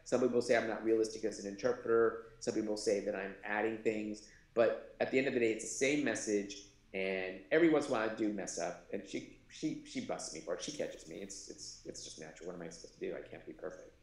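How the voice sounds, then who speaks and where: A middle-aged man, a sign language interpreter and producer, telling lively anecdotes in a live interview and acting out the voices in them. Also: quick pace. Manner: animated anecdote-telling, acts out voices with big pitch jumps. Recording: roomy echo.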